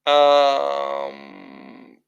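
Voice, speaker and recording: A man's voice: mid-range voice, very animated, extremely slow, gravelly, clear, resonant tone, highs cut off. Rambling man on a livestream. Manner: rambling, with restarts and frequent fillers. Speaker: livestream host reading chat. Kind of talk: casual livestream chat.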